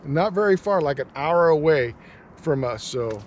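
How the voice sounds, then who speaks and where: A man's voice: fairly high pitch, expressive, normal speed, a little hiss or hum. An older man telling an easygoing, jokey story to the camera outdoors by a lake. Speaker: vlogger. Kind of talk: casual storytelling vlog chat.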